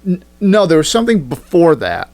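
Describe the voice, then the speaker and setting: A man's voice: fairly high pitch, wildly swooping pitch, a little fast, a little mellow, dry recording. A man co-hosting a casual satirical podcast, swearing freely and reading tweets aloud with jokey asides. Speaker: podcast co-host.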